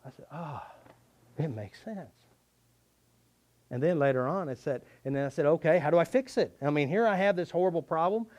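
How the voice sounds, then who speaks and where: A man's voice: a little high, quick pace, few pauses, a little mellow. A middle-aged man teaching a tapping therapy method, telling a personal story in an earnest, confessional way. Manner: earnest, confessional, with shifting emphasis.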